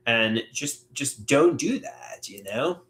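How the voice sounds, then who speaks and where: A man hosting a live solo stream, talking in a halting, reflective way with many filler words. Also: mid-range voice, animated, fairly bright tone. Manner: halting, reflective, frequent "you know" fillers. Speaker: livestream host. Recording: echoey room.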